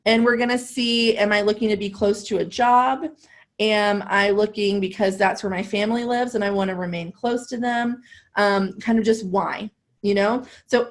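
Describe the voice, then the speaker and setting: A woman leads a sales role-play webinar, her mid-pitched voice carrying a gravelly edge. She is upbeat and laughs often, switching between playing the client and the agent. It sounds like audio from an online call. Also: fairly even intonation, moderate pace. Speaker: sales trainer.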